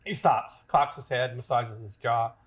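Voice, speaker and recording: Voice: medium pitch, unhurried. A host narrating stage directions, then chatting easily with the cast.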